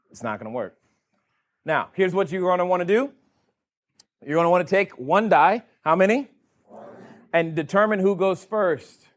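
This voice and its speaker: A man running a board game for a live seminar audience, teasing them with playful questions. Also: on the high side. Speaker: real estate educator running a board game. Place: event room in front of a live audience.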